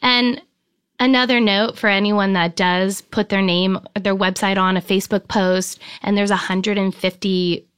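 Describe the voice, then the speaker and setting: A woman in her thirties talks eagerly and at length in a casual interview, peppering her speech with ums and likes. Her voice is smooth and clear. It is recorded dry, with no room sound. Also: medium pitch, fairly even intonation, unhurried, fairly bright tone, no room sound. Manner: chatty, enthusiastic, many ums and likes. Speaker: wedding and travel photographer.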